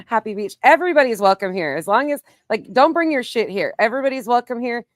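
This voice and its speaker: A woman hosts a casual livestream, reading viewer names in quick bursts and answering her chat with casual swearing. Her voice sits at an ordinary middle pitch, and the recording is dry and close, with almost no room sound. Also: lively intonation, no room sound. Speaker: livestream host. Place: home, with planes passing overhead.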